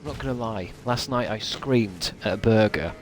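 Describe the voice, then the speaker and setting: A man's voice: fairly low pitch, moderate pace, background noise. A man streaming a game, musing aloud in casual, rambling chat with many restarts.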